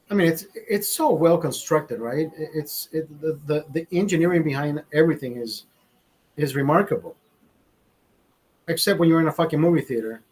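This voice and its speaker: Male show host, husky tone, pitched a touch high, loose profane storyteller who restarts sentences a lot. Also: a little mellow, poor audio. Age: adult, father. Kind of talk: casual rambling chat. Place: studio.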